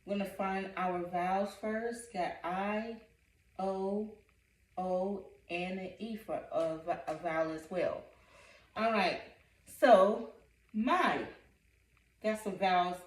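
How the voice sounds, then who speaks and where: Slow, patient woman teaching phonics. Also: medium pitch. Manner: slow, patient, repeats each word syllable by syllable. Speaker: reading coach. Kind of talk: phonics lesson, sounding out words. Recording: echoey room, voice from a distance.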